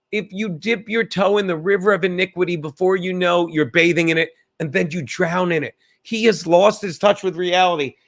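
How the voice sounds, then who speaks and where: A man's voice: high voice, fairly bright tone. A man hosting a podcast, talking in a rambling, profane and jokey casual monologue. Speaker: podcast host.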